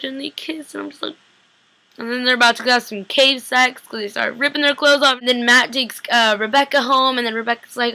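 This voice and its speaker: A young woman casually recapping a TV episode, bubbly and chatty, acting out the characters' lines in quick asides. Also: fairly high pitch, steady tone, pushed and bright.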